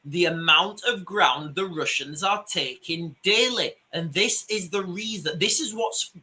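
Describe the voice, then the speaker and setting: A man with a Yorkshire accent gives emphatic screen-share commentary, often restarting phrases and calling his viewers ladies and gentlemen. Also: high-pitched, unhurried. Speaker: commentator on a video channel.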